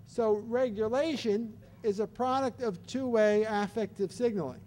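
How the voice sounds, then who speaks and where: An older man giving an explanatory talk on child development, animated and acting out baby and parent voices as examples. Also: sits high, a little slow, slight background noise.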